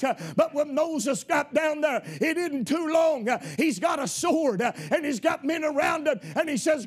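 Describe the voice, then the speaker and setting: A man preaching a sermon with impassioned delivery that builds to fervent shouting. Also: very high voice, moderate pace, few pauses.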